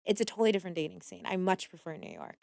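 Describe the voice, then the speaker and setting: A woman talking as a guest in a casual podcast chat, candid and quick with asides, swearing freely. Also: on the low side, very animated, gravelly, darkish tone, no echo.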